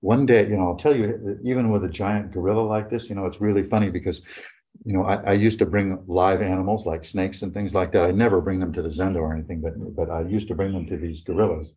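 A man's voice: deep voice, steady tone, fast talker, warm tone. An older retired man telling long personal stories in a rambling, casual way, full of fillers. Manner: rambling, many "you know" fillers. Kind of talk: casual reflective storytelling.

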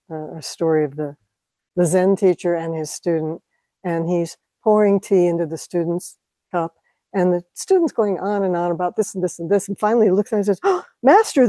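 A woman teaching meditation to an audience, speaking calmly and reflectively with light laughs. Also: fairly low pitch, a little fast, dry recording, low-quality recording. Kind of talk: dharma talk to an audience.

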